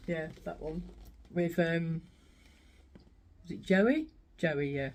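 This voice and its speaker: A woman's voice: on the low side, takes it slowly, darkish tone. A woman vlogging her thrift finds in a chatty, rambling way, laughing often. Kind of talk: casual chat.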